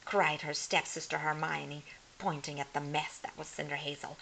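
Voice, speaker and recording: A woman reading a humorous picture book aloud as a storyteller, slow and expressive. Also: low voice, vocal fry, slight background noise, low-quality recording.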